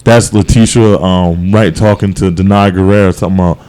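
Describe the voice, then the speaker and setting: A man co-hosting a podcast, talking casually in a rambling, animated way with many restarts and fillers. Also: deep voice, a little fast, clear, resonant tone. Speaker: podcast co-host. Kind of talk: casual chat.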